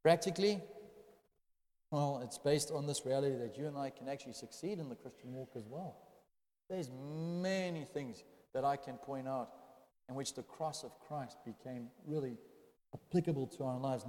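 A man's voice: mid-range voice, moderate pace, mellow. A man preaching a sermon, asking rhetorical questions and building to emphatic declarations. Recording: echoey hall.

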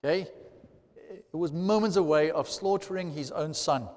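A man preaching a sermon, animated and swelling loudly to stress key points, recorded in a large hall. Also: on the high side, moderate pace. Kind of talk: sermon teaching. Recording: long hall reverb.

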